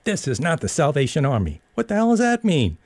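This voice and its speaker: A man voicing a spoiled, quick-tempered young woman who argues in a sharp, exasperated, whiny way and ends up crying. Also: on the high side, wildly swooping pitch, no room sound, voice pushed up, exaggerated voice.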